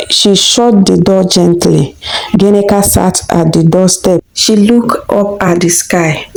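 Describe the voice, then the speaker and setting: A woman's voice: lowish voice, steady tone, measured pace, creaky, darkish tone, rough recording. A woman narrating a scripted story in a dramatic, conversational way.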